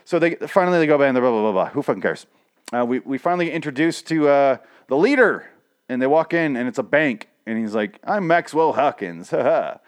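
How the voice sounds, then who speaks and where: A man hosting a casual recap who rants, swears constantly and talks in an animated way. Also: mid-range voice, fast talker, clear, resonant tone. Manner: profane, ranting, animated.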